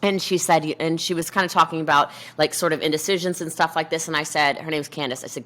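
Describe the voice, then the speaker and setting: A woman guest on a podcast interview, talking fast and animated, acting out quoted voices. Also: low voice. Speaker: podcast guest, network marketer. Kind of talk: energetic interview talk.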